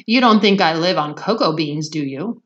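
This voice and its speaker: A woman voicing a calm, cheerfully unbothered eccentric man who runs a candy factory. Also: deep voice, moderate pace, muffled recording. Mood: breezy calm. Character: calm, breezy eccentric male chocolatier.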